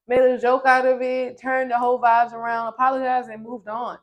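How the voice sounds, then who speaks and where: A woman's voice: fairly high pitch, monotone, a little fast, few pauses. A young woman giving a casual, sassy recap of a reality TV episode, speaking with emphasis and addressing the cast directly. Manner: sassy, emphatic, talks to the screen. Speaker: reality TV reviewer.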